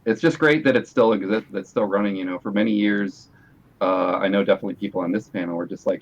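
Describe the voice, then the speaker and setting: A low-pitched man talks in a laid-back, wry way on a panel. His voice comes through dull, lo-fi call audio with a faint hiss underneath. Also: fast. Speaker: panelist, guitarist. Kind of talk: casual panel chat on a video call.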